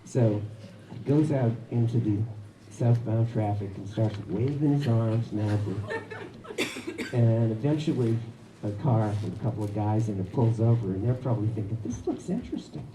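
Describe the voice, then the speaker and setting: A man with a fairly low voice tells a personal story to a live audience in a wry, chuckling manner. His voice rings around an echoey shop. Steady background noise runs beneath it. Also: moderate pace, far from the mic. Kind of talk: live anecdote telling.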